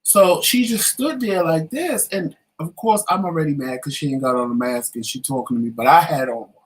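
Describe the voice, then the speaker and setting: A fairly high-pitched man speaks briskly as he co-hosts a casual talk show, heard through poor audio. He's an animated storyteller who performs the voices of each person in his tale.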